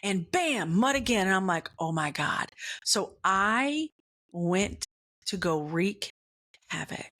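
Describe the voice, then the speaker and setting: A woman's voice: mid-range voice, animated, a bit bright. A woman hosting a faith-based comedy podcast, telling a self-deprecating personal story and laughing at herself. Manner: acts out other people's lines in quick put-on voices. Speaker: podcast host.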